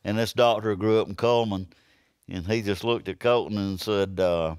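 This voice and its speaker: A man's voice: on the low side, normal speed, clean tone, no echo. Middle-aged Southern man, Alabama accent, easygoing storyteller, dry close mic. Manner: lively yarn-spinner who acts out quoted lines. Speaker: podcast guest. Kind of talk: casual storytelling.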